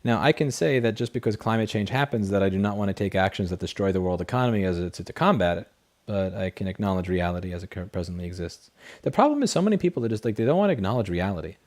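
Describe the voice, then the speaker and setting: A man's voice: lowish voice, animated, fast, darkish tone. A man hosting a casual late-night livestream, reading chat questions and answering in a blunt, profane, rambling way through a desk microphone.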